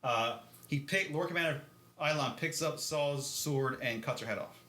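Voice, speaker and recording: A man's voice: a little high, normal speed, pushed and bright, reverberant, slight background noise. A man co-hosting a podcast, recapping a book in a rambling, filler-heavy way and often laughing. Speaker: podcast co-host. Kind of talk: casual chat recapping a book.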